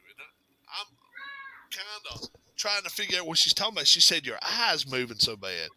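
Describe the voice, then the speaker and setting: A man's voice: a little high, big pitch swings, fairly quick, bright, forceful tone, rough recording. A man telling a funny childhood story in a casual chat, drawling and acting out what others said. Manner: drawling, laughing storyteller who acts out quotes.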